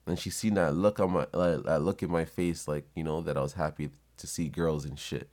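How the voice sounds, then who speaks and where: A man's voice: extremely low pitch, fairly even intonation, fairly quick, darkish tone. A young man telling a blunt, profane story in a casual monologue. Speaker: vlogger.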